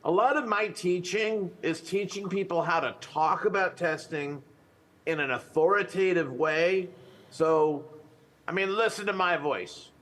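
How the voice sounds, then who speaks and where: Older man speaking with steady authority. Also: high voice, unhurried. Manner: authoritative, sentences falling at the end. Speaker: conference speaker. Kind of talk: Q&A answers at a talk.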